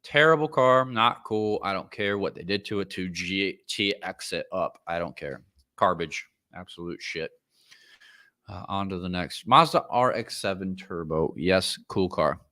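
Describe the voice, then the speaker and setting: A man hosting a podcast, giving casual, blunt, profane opinions that build into loud rants before half-hearted apologies. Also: sits low, unhurried. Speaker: podcast host. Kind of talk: casual ranting commentary.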